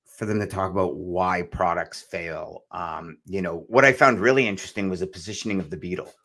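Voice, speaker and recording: A man's voice: low-pitched, fairly quick, vocal fry, a bit bright. A man co-hosting a podcast, talking in a loose, rambling way and calling his co-host "brother". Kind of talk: casual podcast chat.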